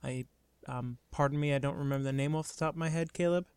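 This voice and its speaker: Hesitant man with a smooth voice. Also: mid-range voice, steady tone, a little mellow, no room sound. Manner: hesitant, halting speech. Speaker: player. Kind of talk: casual chat introducing a character.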